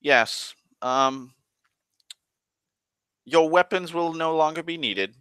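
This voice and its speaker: A man's voice: a little high, takes it slowly, fairly bright tone, clean tone, no room sound, pitched above the performer's own voice. A man voicing a nonchalant male elven king who speaks in a soothing, vague and ominous way.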